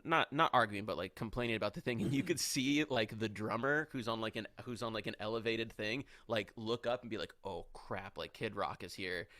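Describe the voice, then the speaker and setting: A man's voice: mid-range voice, fairly bright tone, no room sound, clean studio sound. Rambling young man telling a story. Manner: rambling, heavy on "like", acts out quotes. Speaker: podcast guest. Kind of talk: casual storytelling.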